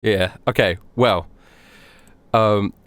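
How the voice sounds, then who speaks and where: A man's voice: on the low side, fairly even intonation, very slow, fairly bright tone, clean tone, no room sound, studio quality. A young man co-hosting a casual podcast chat, joking and rambling with many restarts. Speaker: podcast co-host.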